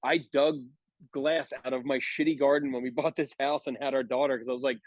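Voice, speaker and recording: A man's voice: medium pitch, steady tone, fairly quick, dry recording. A man in his thirties telling a long, rambling story on a podcast, laughing as he goes. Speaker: podcast guest. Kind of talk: casual chat, storytelling.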